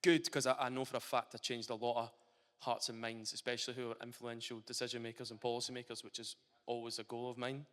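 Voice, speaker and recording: Talking fast in a medium-pitched voice, a young Scot who has retired from football chats eagerly through an informal interview at a live event, repeatedly restarting his sentences. The recording carries a long reverb from the large hall.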